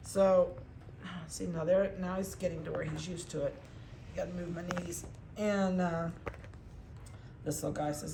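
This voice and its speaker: A woman's voice: on the low side, steady tone, moderate pace, pauses often, roomy sound, background noise. A woman dog breeder talking casually through a video update, chatty and cooing to the puppies.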